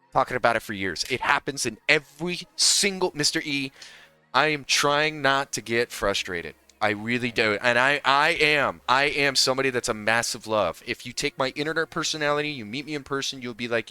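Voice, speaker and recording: A man's voice: medium pitch, expressive, a little fast, sharp tone, clean tone, no room sound. A young man coaching a video game in a casual, heated breakdown, swearing freely and restarting his sentences often.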